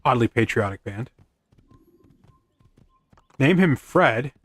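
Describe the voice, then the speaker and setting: Male streamer, casual gameplay chatter, jokes at his own expense, middle pitch, dry close sound. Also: lively intonation, slow pace, husky, dry recording. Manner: rambling, self-deprecating quips, chats to his horse. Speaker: gaming streamer.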